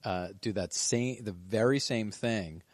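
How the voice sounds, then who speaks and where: A man's voice: lowish voice, a little slow, dry recording. A man hosting a podcast, chatting in an easygoing way and giving short affirmations. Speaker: podcast host. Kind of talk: casual interview chat.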